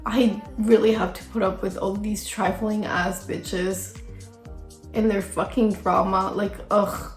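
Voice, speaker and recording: A young adult woman vlogger telling a casual storytime, with vocal fry and a chatty, gossipy manner full of "like". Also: medium pitch, flat delivery, takes it slowly. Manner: chatty, filler-heavy, gossipy with frequent "like". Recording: echoey room with faint music.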